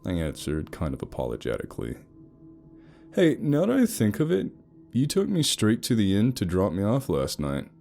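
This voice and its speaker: Deep-voiced male horror story narrator. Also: huge pitch swings, normal speed, vocal fry, dark tone, faint music behind. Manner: wry, sarcastic storytelling.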